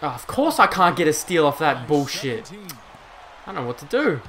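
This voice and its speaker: A young man giving live commentary over his own basketball video game, exasperated and swearing, swinging between loud outbursts and low muttering. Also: sing-song, moderate pace. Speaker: gaming commentator.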